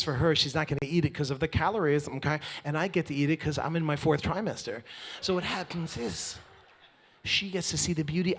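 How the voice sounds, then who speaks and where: A man with a gravelly, somewhat husky voice tells comic stories to a live crowd at a fundraiser. He is jokey and animated, then turns hushed and earnest. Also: a little high. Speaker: speaker at a fundraiser. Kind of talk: comic storytelling talk to a live audience.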